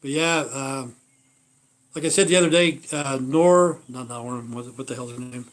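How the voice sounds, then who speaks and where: A man's voice: mid-range voice, moderate pace. An American man in his fifties hosting a livestream, rambling bluntly in casual talk, swearing constantly and trailing off with "you know". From United States. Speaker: livestream host.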